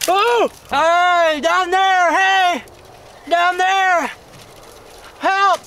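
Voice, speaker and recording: A man plays a survivalist TV host coming apart on wild mushrooms, with a fake British accent and a voice that climbs from low mumbles to high yells. His pitch sits a little above average for a man. Clear outdoor noise runs behind him. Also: normal speed. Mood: panicked. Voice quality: lively swings from low mumbles to high shrieks. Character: grown man as a survivalist TV host, tripping and unraveling. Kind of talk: comedy sketch acting.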